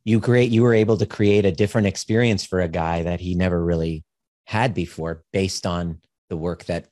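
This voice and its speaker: A man's voice: deep voice, fairly even intonation, normal speed, a little mellow, no room sound, clean studio sound. A man hosting a podcast interview as a coach, reflecting back and summarizing what his guest says. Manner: reflective, summarizing, many affirming murmurs. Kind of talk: interview conversation.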